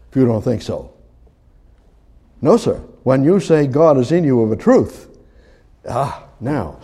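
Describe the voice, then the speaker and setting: A man preaching a sermon, swinging from slow, loud emphasis to quiet asides. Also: mid-range voice, animated, husky.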